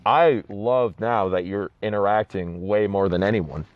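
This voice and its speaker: A man in a casual joking interview, playful and staying in character as a wrestler, now and then bursting into high mock voices. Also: measured pace, no echo, highs cut off.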